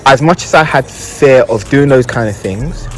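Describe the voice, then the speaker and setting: A man's voice: medium pitch, expressive, normal speed, soft background music. A young adult man, a guest telling a personal story in a casual, reflective and hesitant way, often searching for words.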